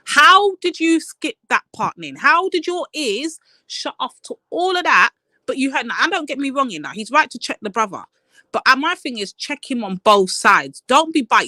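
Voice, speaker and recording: A woman's voice: a little high, pushed and bright, no room sound. A woman hosting a live stream panel, telling a story in a blunt, swearing rant.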